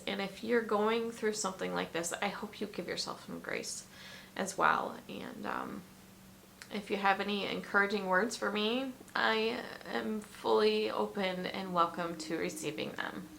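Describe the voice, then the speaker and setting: A woman talking openly in a personal vlog, emotional and halting, fighting back tears and pausing often with fillers. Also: mid-range voice, vocal fry, bright, forceful tone, a little hiss or hum. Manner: emotional, tearful, halting with many ums. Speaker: vlogger.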